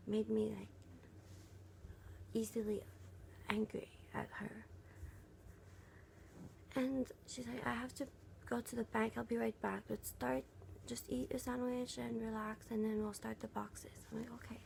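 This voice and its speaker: A young woman venting in a casual vlog, speaking softly and haltingly with many fillers, her voice gravelly and often half-whispered. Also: a little high, a little hiss or hum. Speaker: vlogger.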